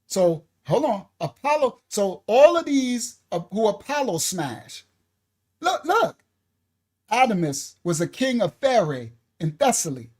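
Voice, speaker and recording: Animated, emotional livestream teacher. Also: medium pitch. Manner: animated, reads aloud from slides with asides to viewers; emotional, breaks into laughter and apologizes. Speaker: ministry teacher. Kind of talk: livestreamed Bible-history lesson.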